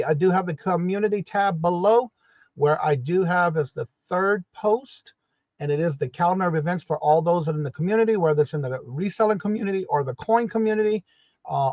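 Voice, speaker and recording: A man's voice: high voice, fairly quick, no echo. A man hosting a casual morning live stream, greeting viewers by name in a repetitive, upbeat way and reading out a schedule. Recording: dull lo-fi dry audio.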